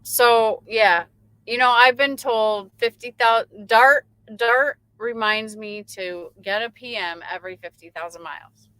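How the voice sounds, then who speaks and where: A woman's voice: a little high, measured pace, sharp tone, clean tone, no room sound, poor audio. A woman, a truck driver, chatting casually on a late-night livestream and reading out viewer comments, rambling with lots of fillers.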